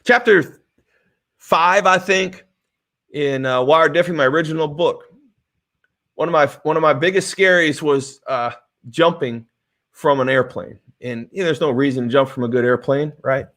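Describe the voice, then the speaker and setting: A middle-aged man with a high voice tells a personal story in a motivational talk. He speaks in an animated, heartfelt way and often stops to restart a phrase mid-thought. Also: moderate pace.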